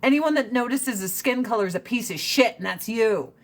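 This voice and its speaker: A woman's voice: a little high, brisk. A woman in her forties chatting casually with viewers on a livestream, brash and profane, ranting and laughing often. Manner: laughs often between lines.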